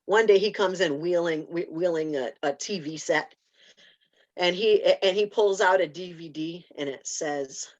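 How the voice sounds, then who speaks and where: A woman guest on a podcast, chatting casually and telling animated stories with frequent restarts. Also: fairly low pitch, moderate pace. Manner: animated storytelling with repeated restarts. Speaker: podcast guest, spoken word writer.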